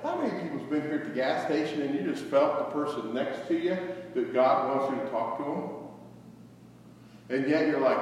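A man's voice: mid-range voice, animated, moderate pace, a little hiss or hum. A middle-aged man preaching a sermon to his congregation, telling folksy stories and joking with the people in the pews. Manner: folksy storytelling, jokes with congregation. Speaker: pastor. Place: church sanctuary. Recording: echoey hall, from far off.

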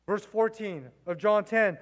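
A male pastor preaches a sermon in a church sanctuary, speaking emphatically, repeating phrases and putting rhetorical questions to the congregation. His voice sits high with a fairly bright tone and a slightly slow delivery, captured on a mic with a long reverb tail.

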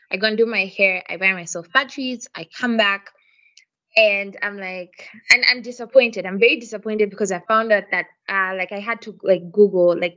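A woman's voice: medium pitch, lo-fi sound. Frank, swearing woman telling a story. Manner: frank, profane storytelling full of "like" and "um". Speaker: podcast co-host. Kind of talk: casual chat.

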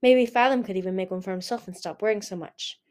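Female amateur audiobook narrator, steady read-aloud, self-corrects often. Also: medium pitch, fast. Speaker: audiobook reader.

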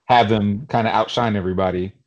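A man from Queens, New York, co-hosting a podcast in casual chat, telling stories in an animated, rambling way with lots of fillers. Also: lowish voice, fast talker, muffled recording. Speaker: podcast co-host.

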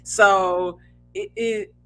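Woman, podcast host, bright voice, easygoing chatter with faint music behind. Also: medium pitch, huge pitch swings, very slow, gravelly. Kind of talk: casual chat.

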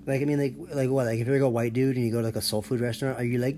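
A man's voice: medium pitch, rapid-fire, few pauses, mellow, slight background noise. A man hosting his own podcast alone, rambling in a profane, sarcastic rant. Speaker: podcast host.

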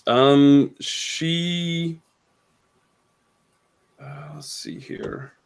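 A man playing a tabletop roleplaying game, answering in a halting way as he searches for words. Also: fairly high pitch, steady tone, gravelly, a little hiss or hum. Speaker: player. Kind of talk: casual tabletop play.

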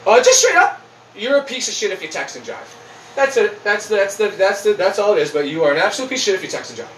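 Profane ranting man, high lively voice. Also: fast. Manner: profane, blunt, animated ranting. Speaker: podcast host. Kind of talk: casual ranting chat. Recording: roomy, distant mic, faint noise.

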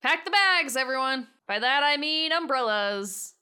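Casting: woman doing a quirky young woman, bright clear voice, playful and rambling. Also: high-pitched, lively intonation, measured pace, pitched above the performer's own voice, full character voice. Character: imaginative young woman, upbeat and scheming.

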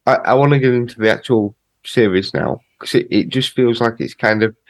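A man with a Yorkshire accent, co-hosting a podcast in casual chat, halting and searching for his words. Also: medium pitch, no room sound. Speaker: podcast co-host.

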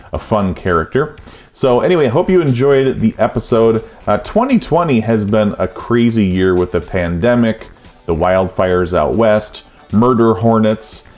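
A man's voice: sits low, a little mellow. A middle-aged man hosting his own podcast, talking casually in a rambling way with lots of ums and uhs. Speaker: podcast host.

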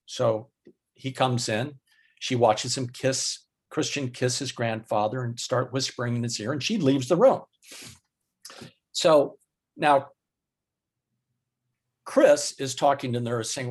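A man recounting a story as an interview guest. His voice is a little husky and he takes his time. He hesitates often and fills pauses with ums, uhs and repeated words. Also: mid-range voice. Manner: slow, halting delivery with many fillers.

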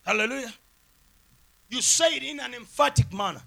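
A pastor preaching a sermon with emphatic repeated phrases, swinging from loud shouted lines down to quiet asides. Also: male voice, very high-pitched, expressive, normal speed, gravelly.

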